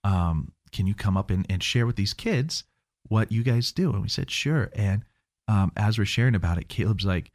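Low-voiced man telling a lively story. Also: normal speed. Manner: animated, acts out quoted voices. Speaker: guest, traveling minister. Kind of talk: casual storytelling chat.

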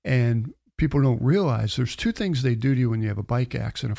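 A man's voice: mid-range voice, brisk, vocal fry. A middle-aged man telling a personal story in a casual interview, acting out the quoted dialogue as he goes. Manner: animated anecdotal storyteller, acts out quoted dialogue. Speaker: interview guest.

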